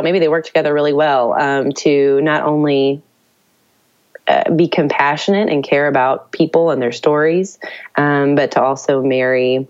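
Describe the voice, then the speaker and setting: A woman in her thirties from Nashville with a raspy, hoarse voice from a cold, chatting casually as an interview guest, with frequent laughs and fillers. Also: low voice, no room sound. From Nashville, USA. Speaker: guest photographer. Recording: dry, slightly dull recording.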